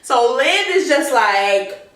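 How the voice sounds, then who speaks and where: A woman's voice: sits high, big pitch swings, slow pace, a bit bright. A woman retells a TV drama episode in loose, profane chat, slipping into the characters' lines as she goes. Her voice is recorded from some distance in a very echoey room. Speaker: recap host. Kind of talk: casual TV recap chat. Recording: echoey room, mic far off.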